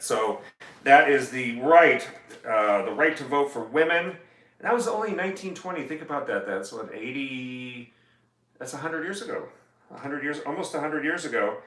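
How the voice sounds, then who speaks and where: Chatty man with a bright voice. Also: mid-range voice, animated, moderate pace, roomy sound, low-quality recording. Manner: chatty, reads legal text aloud then jokes about it. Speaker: attorney hosting a livestream. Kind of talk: casual livestream talk. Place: home music room.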